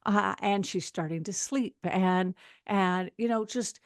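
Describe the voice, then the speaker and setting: Lively woman in her sixties telling stories. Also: mid-range voice, slow pace, no room sound, studio quality. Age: 60s. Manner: animated storyteller, acts out quoted voices. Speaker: health podcast co-host. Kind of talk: casual chat.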